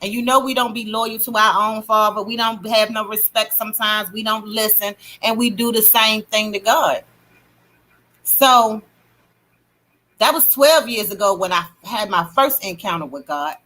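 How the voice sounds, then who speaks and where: A middle-aged woman hosting a livestream, telling her testimony in a casual, animated way and greeting chat viewers. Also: mid-range voice, normal speed. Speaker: livestream host.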